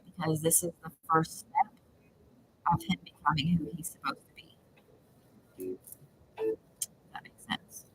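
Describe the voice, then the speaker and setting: A woman's voice: fairly low pitch, sharp tone, slight background noise, poor audio. A woman giving intuitive readings to viewers on a live stream, talking in a rambling, repetitive, chatty way. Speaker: psychic reader.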